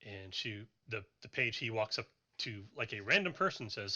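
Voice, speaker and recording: A man runs a tabletop game as game master, narrating in a rambling way and stumbling over his words. His voice is bright and sharp with a lively, swinging pitch. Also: normal speed, hardly any pauses. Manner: rambling, self-correcting.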